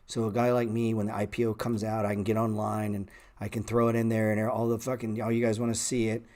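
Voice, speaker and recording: A middle-aged man hosting a stock trading livestream, talking bluntly and sarcastically with swearing, and jumping into animated, louder rants. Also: fairly quick. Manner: animated rants that jump in pitch and volume. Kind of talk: casual livestream chat.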